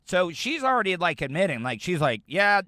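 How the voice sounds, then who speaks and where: A man's voice: on the high side, sing-song, a little fast, pushed and bright, no room sound, clean studio sound. A man from the United States hosting a podcast, rambling casually as he reacts to audio clips. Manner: rambling, chatty, frequent restarts. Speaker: podcast host.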